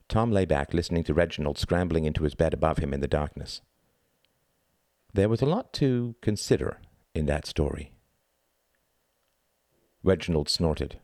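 A man narrating a novel as an audiobook in a measured, expressive reading. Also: rumbling low, no echo, clean studio sound.

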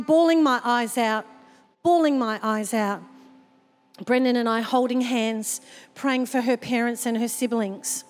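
High-voiced woman pastor preaching slowly. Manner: emotional, personal storytelling. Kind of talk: sermon. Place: church service. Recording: long hall reverb from the church.

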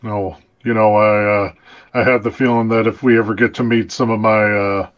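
A man's voice: on the low side, level tone, moderate pace, highs cut off. A young man role-playing his character in a tabletop game, rambling with many fillers and casual, colloquial phrasing.

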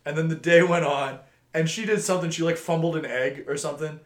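A young man co-hosting a casual podcast, an animated storyteller who swears freely. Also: a little high, quick pace. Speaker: podcast co-host. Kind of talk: casual chat. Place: home cellar. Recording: echoey cellar room.

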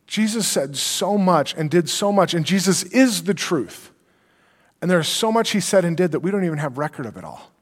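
High-voiced man preaching in a reverberant hall. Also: normal speed. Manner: conversational, animated preaching with rhetorical questions. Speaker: pastor. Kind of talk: sermon.

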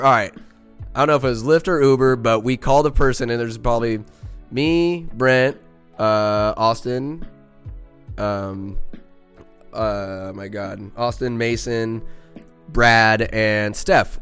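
A young man tells a long, rambling story in casual podcast style, swearing freely and poking fun at himself. His voice is smooth and clear at an ordinary pitch. Faint music plays underneath. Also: a bit bright. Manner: rambling, profane, self-mocking. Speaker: podcast host.

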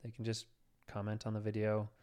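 A man's voice: on the low side, completely flat delivery, fairly quick, darkish tone, smooth. A man co-hosting a casual podcast chat, easygoing, laughing often and acting mock-scandalized. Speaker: podcast co-host.

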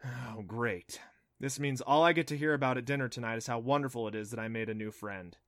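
A man's voice: medium pitch, fairly quick, a bit bright, no echo, clean studio sound, natural voice. A man voicing a curious, eager young boy who cracks jokes, in an audiobook reading. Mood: grumbling.

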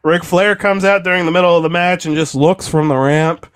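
A young man co-hosting a podcast, recapping wrestling in a profane, exasperated, animated rant. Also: sits high, a little fast, clean tone. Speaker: podcast co-host. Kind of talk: casual wrestling recap chat.

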